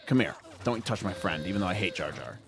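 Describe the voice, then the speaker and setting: A man's voice: sits low, expressive, fast talker, gravelly, a bit bright, a little hiss or hum. A man co-hosting a podcast, chatting casually and teasingly while playing a video game. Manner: teasing, muttering to himself. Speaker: podcast co-host. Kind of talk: casual live-stream chat while gaming.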